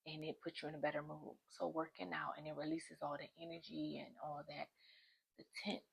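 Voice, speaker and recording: A woman's voice: low-pitched, little pitch movement, a little fast, creaky, slightly rough. A young woman vlogger talking straight to her viewers, giving casual self-help advice in a chatty, informal way.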